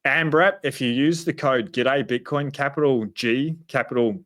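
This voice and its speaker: A man's voice: mid-range voice, normal speed, a bit bright. A man with an Australian accent hosting a casual podcast, blunt and emphatic, swearing freely. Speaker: podcast host.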